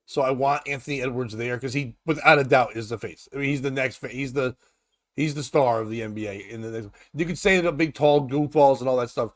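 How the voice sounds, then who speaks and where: A man's voice: medium pitch, no echo, clean studio sound. A man hosting a morning talk show, talking loosely and crudely, rambling and laughing as he retells stories. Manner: crude, rambling, laughs often, acts out quotes. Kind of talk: casual chat.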